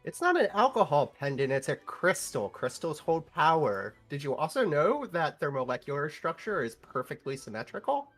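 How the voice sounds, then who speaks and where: A woman's voice: low-pitched, very animated, normal speed, hardly any pauses, husky, soft background music. A woman playing her character in a tabletop game, talking in a rambling, playful way full of fillers. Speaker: player. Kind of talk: in-character tabletop role-play.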